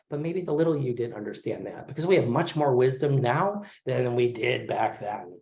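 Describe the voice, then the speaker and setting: A man's voice: medium pitch, moderate pace, hardly any pauses. Chatty middle-aged male therapy teacher. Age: 40s. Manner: relaxed and conversational, with many fillers. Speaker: craniosacral therapy instructor. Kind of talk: casual online lecture. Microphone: video call.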